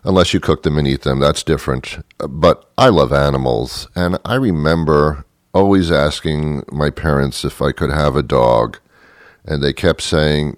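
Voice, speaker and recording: Rambling man with a very deep voice. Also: a little slow, no room sound, studio quality. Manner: self-deprecating, meandering, apologetic asides. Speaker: show host. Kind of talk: rambling comic monologue.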